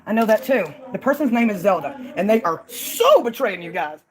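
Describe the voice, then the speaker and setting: A woman's voice: medium pitch, big pitch swings, a little fast, a little mellow. A woman from Mississippi, ranting on her own channel in a combative, mocking way. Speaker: channel owner. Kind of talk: ranting call-out vlog.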